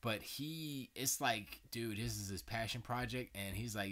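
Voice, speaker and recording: A man's voice: medium pitch, lively intonation, brisk, hardly any pauses, a bit bright. A tired man hosting a livestream, chatting casually and rambling from thought to thought with many fillers and slangy asides. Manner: meandering, self-correcting, loose slangy talk with frequent fillers. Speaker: livestream host. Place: home studio.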